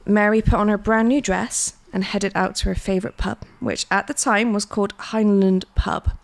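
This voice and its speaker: A woman's voice: medium pitch, steady tone, normal speed, creaky. A woman from Britain co-hosting a podcast, telling a true crime story in casual chat, laughing often and swearing freely. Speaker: podcast co-host.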